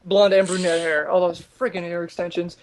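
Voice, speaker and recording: A man hosting a casual podcast chat, ranting with animated exasperation and laughing often. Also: high voice, brisk, crowd noise. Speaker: podcast host.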